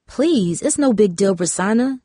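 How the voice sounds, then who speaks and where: A woman's voice: mid-range voice, lively intonation, unhurried, mellow, no echo, studio quality. A woman voicing a caring teenage girl who comforts her friend in an earnest way, in an audiobook story.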